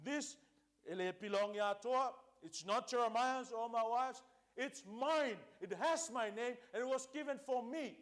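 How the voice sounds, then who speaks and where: Pastor guy preaching a sermon, high voice, repeats stuff for emphasis, flips between languages. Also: a little slow, a bit bright. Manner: switches between two languages, emphatic repetition.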